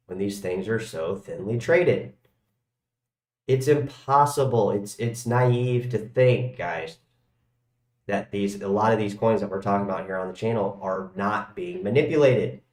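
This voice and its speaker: A man hosting a live stream, rambling and swearing, his loudness swinging from shouts to mumbles. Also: fairly low pitch. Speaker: crypto livestream host. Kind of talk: casual livestream rant. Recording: echoey room.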